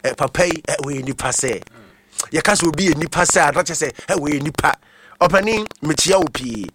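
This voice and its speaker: Cast: ghanaian male radio presenter, high bright voice, animated shout-outs. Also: brisk, a little hiss or hum. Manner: animated, repeats words for emphasis.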